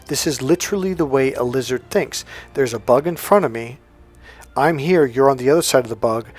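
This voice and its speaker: A man coaching on self-help, telling a personal story in a casual, animated monologue, often restarting his sentences. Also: mid-range voice. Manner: animated storytelling, breaks into loud acted-out dialogue; frequent restarts and stumbles.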